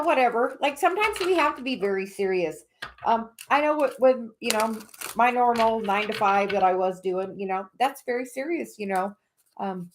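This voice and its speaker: A woman's voice: a little high, a little hiss or hum. Chatty, rambling woman card reader. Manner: rambling, many fillers and restarts. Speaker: oracle card reader hosting a livestream. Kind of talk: casual livestream reading.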